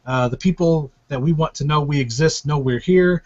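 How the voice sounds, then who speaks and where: An American man hosts a live webcam stream, rambling with many fillers and casual swearing. His voice sits fairly high, and the audio is dull and lo-fi. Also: moderate pace, a little hiss or hum. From United States. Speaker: host and publisher.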